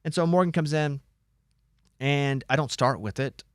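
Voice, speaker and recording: Animated man telling a story, dry studio. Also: mid-range voice, moderate pace, no echo. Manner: animated storyteller, acts out quoted voices. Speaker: radio show host. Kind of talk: casual talk show storytelling.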